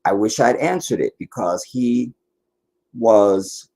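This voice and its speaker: A man's voice: fairly low pitch, animated, slow pace, a little mellow, husky. A man from the Washington DC area, tired and worn out, hosting a livestream in a rambling casual chat full of restarts and asides. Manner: meandering, many restarts and asides. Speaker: livestream host.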